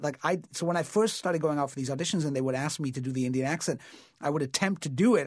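An American actor tells stories reflectively in a casual interview, full of fillers and restarts. His voice is a little high, and the recording is dry and studio quality.

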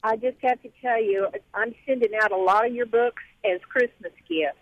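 A woman's voice: fairly high pitch, normal speed, dry recording. A woman calling a radio show, eager and friendly, heard over a dull lo-fi line. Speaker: caller. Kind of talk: radio call-in chat.

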